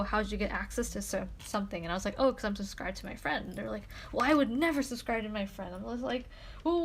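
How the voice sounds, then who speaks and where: A young woman streamer telling a story in casual chat, animated and full of fillers like "like" and "you know". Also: a little high, a little hiss or hum.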